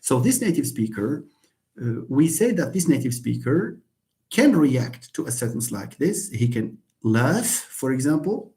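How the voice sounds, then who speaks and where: Guy teaching a linguistics class, voice jumps all over, mellow and dark tone, lots of uhs and restarts. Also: mid-range voice, unhurried. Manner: animated, acts out examples, many fillers and restarts. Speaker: linguistics lecturer. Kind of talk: university lecture.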